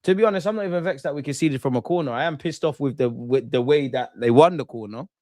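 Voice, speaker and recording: Guy live streaming a footy match, excitable, swears a lot, talks to chat, dry close mic. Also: medium pitch, fast, no echo. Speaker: football watchalong host.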